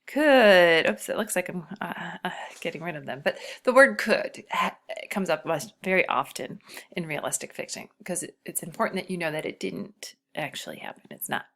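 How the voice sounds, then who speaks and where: A woman's voice: fairly low pitch, gravelly. Patient teacher woman sounding out words. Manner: patient, talking to students, sounding out syllables slowly; often drops to a quiet murmur while working the screen. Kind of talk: recorded reading lesson for children.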